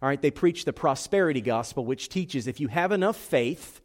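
A man preaching a sermon in a church sanctuary. His delivery is impassioned and swings from hushed, tender passages to loud, forceful declarations. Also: mid-range voice, lively intonation, normal speed, few pauses. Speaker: pastor.

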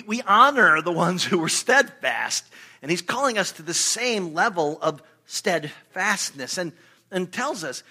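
A pastor delivering a sermon in a bright, forceful voice that sits a little high for a man. He speaks earnestly and with emphasis, doubling up words as he drives his points home.

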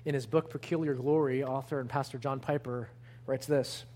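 A man preaching a sermon, earnest and emphatic, slowing down to lean on key words. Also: medium pitch, steady tone, darkish tone. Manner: earnest, emphatic preaching with slow deliberate stresses. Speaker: pastor.

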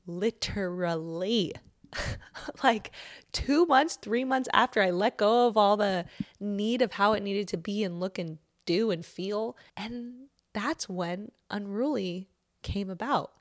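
A young woman giving a casual motivational talk, full of "like," that turns into a gentle guided breathing exercise. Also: mid-range voice, slow. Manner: chatty, says "like" often, drops to soft near-whisper in guided parts. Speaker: host.

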